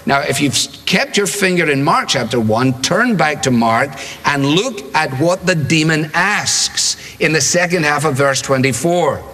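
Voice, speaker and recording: A man delivering a sermon, emphatic and repetitive, slowing down to read out verses. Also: a little high, lively intonation, sharp tone. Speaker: preacher. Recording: long hall reverb.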